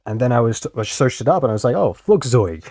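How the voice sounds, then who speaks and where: A man's voice: mid-range voice, rapid-fire, a little mellow, no echo, clean studio sound. Rambling, foul-mouthed young male streamer. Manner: rambling, swears freely, self-deprecating. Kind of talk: casual reaction commentary.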